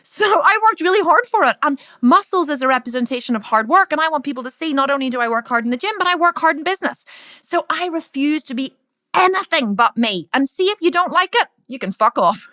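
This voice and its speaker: A middle-aged woman with an Irish accent giving a loud, brash business training talk, swearing freely. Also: sits high, expressive, fast talker, dry recording, clean studio sound. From Ireland. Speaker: business coach.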